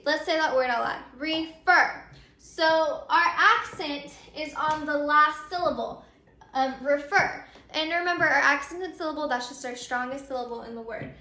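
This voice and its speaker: A woman's voice: sits high, normal speed, bright, forceful tone. A young woman teacher, patiently explaining a grammar lesson step by step with frequent ums. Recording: echoey room.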